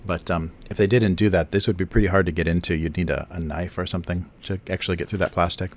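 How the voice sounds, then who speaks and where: Deep-voiced guy rambling on his livestream, lots of ums, right up on the mic. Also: steady tone, fast talker, a little hiss or hum. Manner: rambling, explains with many fillers and restarts. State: chewing food near the mic. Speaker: livestream host, cartoonist. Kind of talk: casual livestream chat. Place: home studio in Japan. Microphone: close desk mic.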